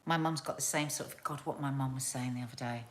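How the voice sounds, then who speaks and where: Chatty South Londoner rambling on a live stream. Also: female voice, a bass voice, quick pace, slight background noise. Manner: chatty, rambling, animated storytelling. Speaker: live show host. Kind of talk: casual live-stream chat.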